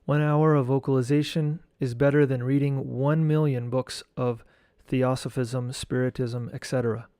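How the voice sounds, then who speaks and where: A man teaching esoteric studies, reading a lecture text aloud in a slow, measured way and chanting mantra syllables. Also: mid-range voice, warm tone, no echo, clean studio sound.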